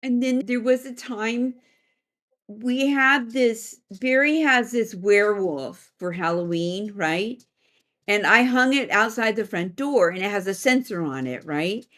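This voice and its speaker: A middle-aged woman, a psychic medium, telling a story in a casual interview as an animated storyteller who laughs often. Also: medium pitch.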